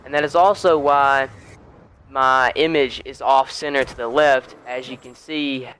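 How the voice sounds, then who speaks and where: A man's voice: medium pitch, steady tone, measured pace, fairly bright tone, clean tone, low-quality recording. A young man chatting casually over gameplay, rambling with lots of fillers and restarts. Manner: laid-back and chatty. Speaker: gaming YouTuber.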